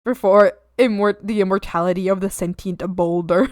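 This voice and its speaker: A woman's voice: medium pitch, steady tone, moderate pace, few pauses. A woman streamer chatting casually and playfully with her viewers, often squealing and giggling. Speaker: art streamer.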